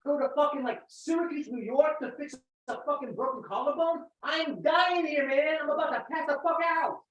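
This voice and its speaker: Dude doing a shouty entitled patient ranting for the manager, roomy echo. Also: male voice, extremely high pitch, moderate pace, pitched above the performer's own voice. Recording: echoey, distant, dull sound.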